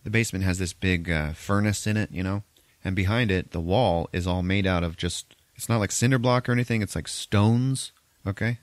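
A man's voice: deep voice, normal speed, no room sound. A man hosting a podcast, recapping a movie in a loose, profane, rambling way with frequent laughs. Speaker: podcast host.

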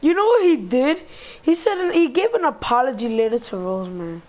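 Brash, high-voiced young man trash-talking. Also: very animated, brisk, darkish tone, muffled recording. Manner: brash, profane trash talk. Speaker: gamer chatting in party chat. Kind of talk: casual gameplay chat.

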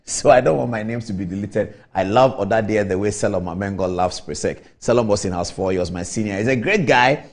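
A man's voice: on the low side, darkish tone. A man with a Ghanaian accent hosting a TV talk show, telling a rambling, apologetic story in a casual on-air monologue.

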